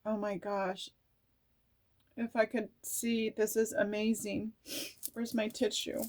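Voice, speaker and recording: A woman reads oracle card messages aloud in a slow, drawn-out way, her pitch sitting mid-range for a woman. She breaks off into gushing exclamations, close to tears as the words move her. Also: flat delivery, a little mellow. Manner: gushing, exclamatory, laughing, often near tears. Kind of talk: emotional reading of oracle cards aloud.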